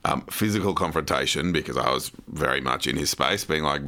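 A man's voice: a bass voice, fairly quick, few pauses, sharp tone. An Australian man telling stories as a podcast guest in casual chat, dry and self-mocking, acting out other people's voices.

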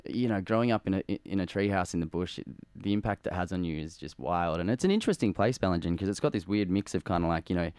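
Fast-talking Australian man, animated storyteller. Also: sits low, clear, resonant tone, dry recording. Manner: animated, tells stories with lots of fillers. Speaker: guest. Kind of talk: casual storytelling interview.

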